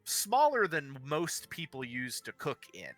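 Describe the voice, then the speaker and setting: A man narrating as game master, rambling and halting with many fillers. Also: a little high, very animated, a bit bright, no echo, soft background music.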